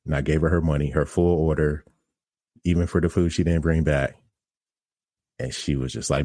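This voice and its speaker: A man's voice: a bass voice, steady tone, normal speed, long pauses, a little mellow, slightly rough, dry recording, studio quality. A man hosting a podcast who tells a casual, candid story about running a pizza shop and looks back on his own mistakes. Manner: candid, self-critical, conversational. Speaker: podcast host and pizza restaurant operator.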